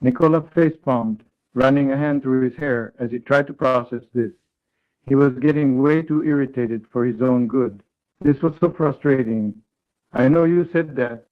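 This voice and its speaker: A man's voice: medium pitch, moderate pace. Narrating man over a tinny call line. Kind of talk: third-person story narration. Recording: tinny online call audio.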